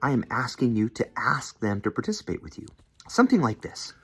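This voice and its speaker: Husky-voiced man teaching teachers. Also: medium pitch, very animated, a little fast. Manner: friendly, demonstrating how he questions students. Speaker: seminary teacher trainer. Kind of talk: instructional video with classroom role-play.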